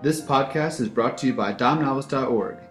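A man reading outro credits in an even, formal announcing voice. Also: mid-range voice, fairly quick. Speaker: podcast announcer. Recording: echoey room with music behind.

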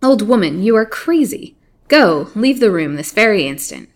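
Haughty snappish rich widow, a lady reading it, lowish gravelly voice. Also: very animated, moderate pace. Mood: imperious. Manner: sharp, imperious. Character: haughty sharp-tongued wealthy widow.

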